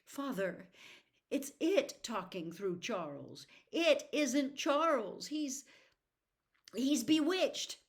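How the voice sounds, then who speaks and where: A woman's voice: high-pitched, animated, slow pace, pitched above the performer's own voice, full character voice. Woman playing Meg, a frantic young girl. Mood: anguished. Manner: pleading, anguished cries.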